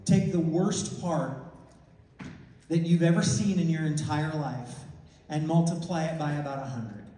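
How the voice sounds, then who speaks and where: A man preaches a testimony sermon, his somewhat high, mellow voice acting out conversations and often restarting his sentences. He sounds distant from the microphone, and a long, echoing hall reverb trails every phrase. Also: a little slow. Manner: storytelling, acts out dialogue, frequent restarts and self-corrections. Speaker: minister reporting on a mission trip. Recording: echoey hall, mic far off.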